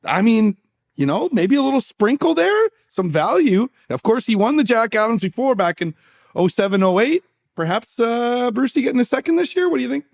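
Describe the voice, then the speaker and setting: A man, co-hosting a hockey podcast with playful banter and quick interjections. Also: very high-pitched, very animated, gravelly. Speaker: podcast co-host. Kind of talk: casual podcast chat and ad read.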